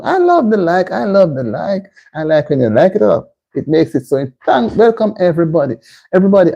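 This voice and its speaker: A middle-aged woman, talking viewers through kitchen prep on a live stream. Her voice is soft-edged and mellow, and her pitch rises and dips widely as she chats. She keeps breaking off to greet people in the chat by name. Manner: chatty, greeting viewers by name between cooking tips. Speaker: host of a live cooking stream.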